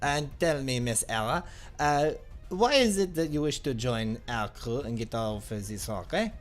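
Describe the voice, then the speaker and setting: A man's voice: medium pitch, lively intonation, moderate pace, faint music behind, lightly acted. A man voicing a sly, polite male pirate with formal, mannered speech. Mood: genteel. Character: sly, genteel male pirate hiding from a bully.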